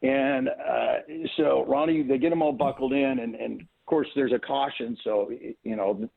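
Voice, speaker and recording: A man calls in and tells a long string of stories about racing in a loose, meandering way, often stopping to restart a sentence. His voice has a gravelly edge, and it comes through a thin, tinny phone line. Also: medium pitch, fairly even intonation, normal speed. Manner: rambling, lots of "you know" and restarts. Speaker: race car owner, guest. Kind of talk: casual anecdotal storytelling.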